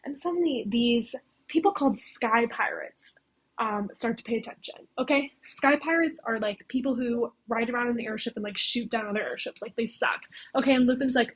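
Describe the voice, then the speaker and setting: A young woman with a slightly high, breathy voice talks through a game's plot like she is telling a friend. She peppers her sentences with "like" and checks in with "okay?" as she goes. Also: normal speed, low-quality recording. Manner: chatty, fills talk with "like" and "okay?". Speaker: video essayist recapping a game's story. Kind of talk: casual story recap.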